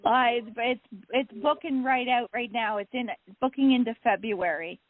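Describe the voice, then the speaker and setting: A woman co-hosting a call-in radio show as a psychic medium, passing along messages in a gentle, reassuring way. Her voice sits a little high. It comes through a dry, tinny line that sounds like a phone. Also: normal speed, crowd noise. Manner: gentle, reassuring, repeats phrases.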